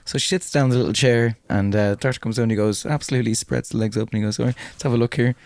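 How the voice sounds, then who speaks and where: A man's voice: mid-range voice, fairly even intonation, very fast, a little mellow, dry recording. A young man co-hosting a podcast, telling rude jokes in casual chat with laughing asides. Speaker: podcast co-host. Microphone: close podcast mic.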